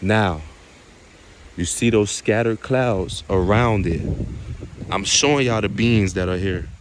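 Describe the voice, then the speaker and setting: A man vlogging outdoors at night in the wind, talking quietly and mellow in a preachy way and swearing often. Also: lowish voice, slow pace. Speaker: spiritual vlogger. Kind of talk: casual outdoor vlog.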